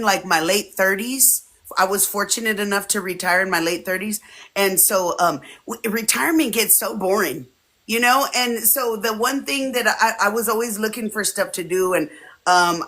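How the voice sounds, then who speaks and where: A woman in her forties chatting casually as an interview guest, telling stories and acting out the voices of friends she quotes. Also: mid-range voice. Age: 40s. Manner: animated storyteller, often acting out quoted friends. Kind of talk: casual chat. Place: home streaming setup.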